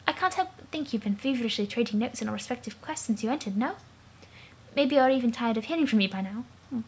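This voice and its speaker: A woman voicing a gentle, shy female alien cherub girl in a soft, hushed, near-whispered voice with formal, polite wording. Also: on the high side, animated, fast, slight background noise. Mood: tender. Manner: polite, formal, a bit rambling.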